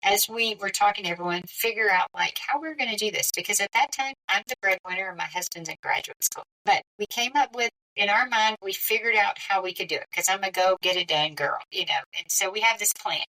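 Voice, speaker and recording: Bright-voiced middle-aged woman telling her story. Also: mid-range voice, fairly quick, hardly any pauses, recorded from a distance, low-quality recording. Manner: lively, conversational, with frequent quoted dialogue. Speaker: podcast guest. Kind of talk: personal storytelling.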